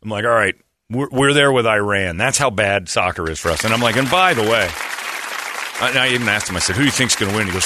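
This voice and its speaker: A man's voice: on the low side, quick pace, a crowd in the background, background noise. A man hosting a radio show, telling self-deprecating stories and acting out the people he quotes. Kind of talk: casual storytelling on morning radio.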